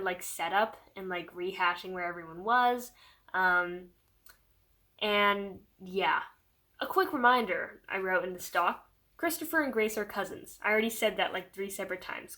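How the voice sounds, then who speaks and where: A woman's voice: medium pitch, bright, forceful tone. A woman recapping a book in a casual vlog, chatty and rambling, with lots of fillers. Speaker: book reviewer.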